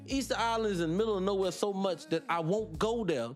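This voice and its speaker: A man's voice: high-pitched, fast talker. A man hosting a livestreamed morning talk show, arguing with passion, firing rhetorical questions at his listeners and laughing between points.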